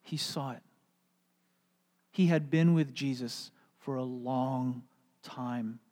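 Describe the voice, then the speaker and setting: A pastor preaching a sermon, animated and storytelling, then going soft and hushed. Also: mid-range voice, slow, long reverb tail. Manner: animated storytelling, drops to soft hushed tones for quoted words.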